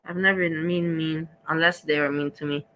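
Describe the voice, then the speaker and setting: Bright-voiced woman chatting on a livestream. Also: low-pitched, fairly even intonation, slight background noise, low-quality recording. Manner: chatty, blunt, swears freely, halting restarts. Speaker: livestream host. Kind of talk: casual reaction chat.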